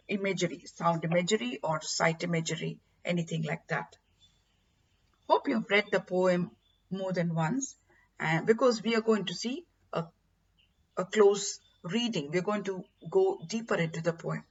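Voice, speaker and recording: A woman with a breathy, slightly husky voice teaches literature in a patient, explanatory way, speaking straight to her students. Her pitch sits in an ordinary middle range. The recording sounds dull and lo-fi. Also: moderate pace. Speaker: literature lecturer. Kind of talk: classroom lecture.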